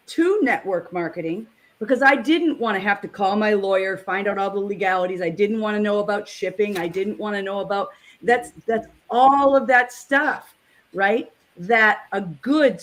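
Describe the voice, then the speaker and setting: A woman's voice: fairly high pitch, a bit bright. A woman with a New England accent in a casual panel discussion, talking earnestly and emphatically, often repeating words as she starts a thought.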